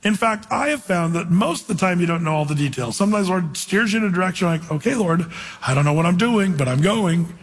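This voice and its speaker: A man's voice: high-pitched, animated, fast, husky, big-room sound. A man preaching a sermon in a conversational, storytelling way, reading scripture aloud. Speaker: pastor.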